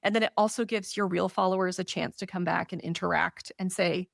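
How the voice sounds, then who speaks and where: Woman podcast co-host, chatty and animated, casual advice, mid-range pitch, dry sound. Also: moderate pace, gravelly, no echo. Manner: chatty and animated, laughs often.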